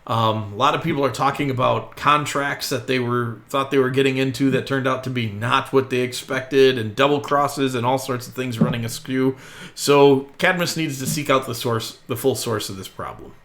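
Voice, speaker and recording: A man's voice: mid-range voice, moderate pace, a bit bright. A man narrating as game master in a tabletop game, in a loose, chatty way with frequent ums and self-corrections.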